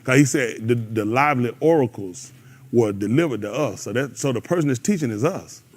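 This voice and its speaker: A man with a medium-pitched voice talks fairly quickly while leading a congregation's Bible class. Between scripture readings he banters and laughs with the group, keeping the study casual and full of jokes.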